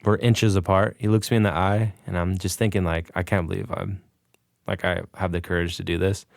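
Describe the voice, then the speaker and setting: His voice sits low with some vocal fry, and he talks briskly as a podcast guest. He animatedly recounts a story, quoting and acting out the dialogue in a casual way. The studio-quality audio has no room sound.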